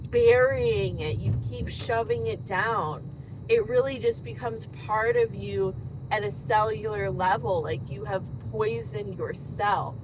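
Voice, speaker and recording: A woman speaking in an earnest, thoughtful way, reflecting slowly and pausing often in a personal monologue. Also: medium pitch, noisy background. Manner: slow, earnest, thoughtful, with frequent pauses. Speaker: host.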